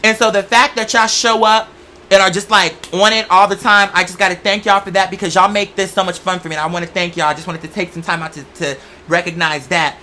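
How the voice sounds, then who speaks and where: A man's voice: high voice, flat delivery, fast, bright, forceful tone, a little hiss or hum. A young man hosting a show, talking in a sassy, campy, profane comedic monologue. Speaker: show host.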